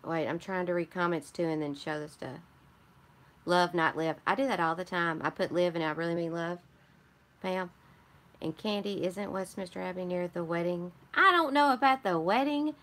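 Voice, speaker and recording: A woman with a Michigan accent chats through a casual live stream, wandering from one thought to the next. Her voice sits a little low. She greets viewers and answers their comments as she goes. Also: fairly even intonation, moderate pace. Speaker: craft channel host.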